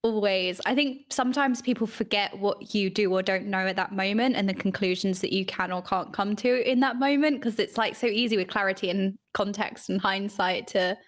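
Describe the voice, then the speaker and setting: A woman guest on a casual podcast who tells her stories in an animated way. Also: medium pitch, normal speed, hardly any pauses. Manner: animated storytelling. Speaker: streamer guest.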